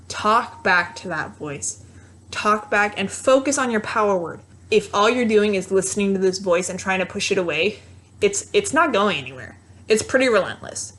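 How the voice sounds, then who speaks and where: A woman's voice: mid-range voice, animated, moderate pace, fairly bright tone. Earnest woman giving a motivational talk. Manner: earnest, encouraging, emphatic. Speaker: motherhood coach.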